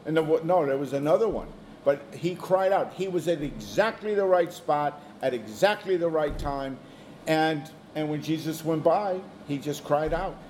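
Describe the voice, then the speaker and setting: A man's voice: on the high side, moderate pace, a little mellow, slight background noise. A man teaching a small Bible study group in a conversational way, often putting questions to the people in the room.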